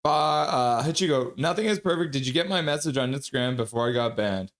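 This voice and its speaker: A man's voice: medium pitch, brisk, hardly any pauses. A man hosting a live hockey stream, chatty and laughing often as he reads out viewers' messages. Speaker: hockey stream host reading chat. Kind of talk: casual live-stream chat.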